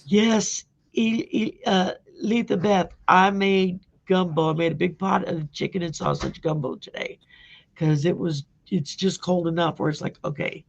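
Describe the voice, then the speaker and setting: A woman from Louisiana with a Cajun accent hosting a casual live video chat, hoarse from a sore throat, chatty and rambling with frequent laughs. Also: lowish voice, a little slow, highs cut off. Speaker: host.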